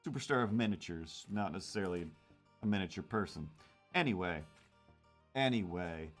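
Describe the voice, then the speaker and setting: A man's voice: sits low, lively intonation, normal speed, faint music behind. Rambling man chatting on a drawing stream. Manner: rambling, self-mocking, lots of fillers. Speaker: cartoonist streamer. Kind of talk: casual livestream chat while drawing.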